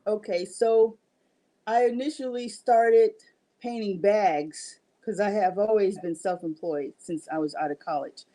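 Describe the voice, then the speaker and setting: A woman's voice: mid-range voice, a little slow, warm tone. A middle-aged woman casually presenting and pricing her artwork on a livestream, chatty and rambling. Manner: chatty and rambling, with frequent restarts. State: out of breath. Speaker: artist selling her work on a livestream. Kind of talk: casual livestream sales talk.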